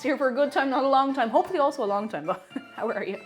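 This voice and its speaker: A woman streamer chats playfully while she bakes. Her voice sits a little high and jumps around a lot in pitch. Faint music plays quietly behind her. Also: lively intonation, racing. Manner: chatty and playful, greets viewers by name. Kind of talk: casual chat while baking on a live stream.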